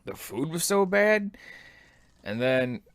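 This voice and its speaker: A man in his thirties, an army veteran, telling his own story as a podcast host in a relaxed, self-deprecating way. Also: a little high, slow, smooth, dry recording. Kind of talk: personal memoir storytelling.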